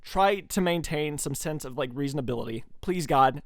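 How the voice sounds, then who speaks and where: A man's voice: on the high side, animated, normal speed, no room sound, studio quality. A man giving casual, rambling commentary, swearing often and stumbling over fillers as he reacts. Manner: profane, rambling, hesitant with many fillers. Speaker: commentary streamer.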